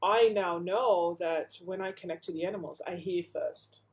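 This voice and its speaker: A woman being interviewed about animal communication, telling her story in a lively way and acting out the voices she quotes. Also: on the low side, moderate pace, a little hiss or hum. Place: Sydney.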